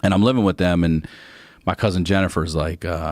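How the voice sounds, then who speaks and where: Fortyish male guest, low register, dry close mic; casual, swearing storyteller who voices the other characters. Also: moderate pace, no room sound. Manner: lively, profane anecdote telling with quoted voices. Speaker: podcast guest. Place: podcast studio.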